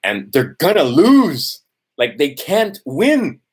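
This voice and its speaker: A man's voice: fairly high pitch, wildly swooping pitch, slow, breathy edge. A man ranting to camera, swearing often, tossing in "right?" and losing his place in his notes. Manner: profane, testy, repeats "right?". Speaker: vlogger. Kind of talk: heated ranting monologue to camera.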